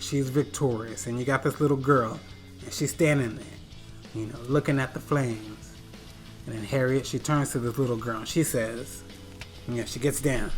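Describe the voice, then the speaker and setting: Excitable comedic recapper. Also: medium pitch. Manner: excitable, full of sound effects and slang. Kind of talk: comedic movie retelling.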